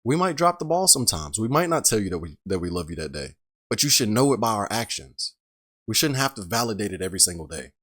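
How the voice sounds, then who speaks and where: A man's voice: on the low side, very animated, quick pace, a bit bright. A man hosting a reaction show, giving blunt commentary full of rhetorical questions. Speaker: reaction host. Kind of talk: casual commentary on a clip.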